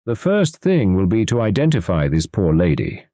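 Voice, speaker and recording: A man's voice: sits low, huge pitch swings, moderate pace, warm tone, no echo, clean studio sound, heavily acted. A man reading an audiobook, voicing a matter-of-fact, authoritative doctor. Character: brisk, authoritative male doctor.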